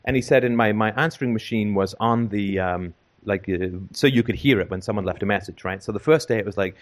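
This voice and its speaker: Rambling man with a lowish voice. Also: brisk, hardly any pauses. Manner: rambling, many fillers and restarts. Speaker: storyteller in conversation. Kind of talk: casual anecdote.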